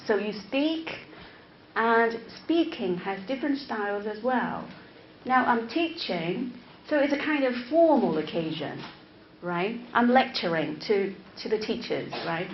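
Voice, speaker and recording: With a medium-pitched voice and big pitch swings, a woman professor gives a classroom lecture to teachers. Her first language is Chinese and she works as an English teacher-educator; she speaks slowly and deliberately, draws the audience in, repeats words, and often asks "right?". Recorded in a lecture room, the sound is echoey, slightly dull, and faintly noisy.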